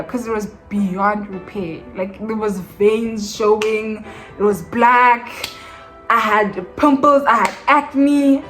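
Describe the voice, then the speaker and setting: A young woman telling a storytime vlog, chatty and emotional, with many fillers. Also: a little high. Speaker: skincare vlogger.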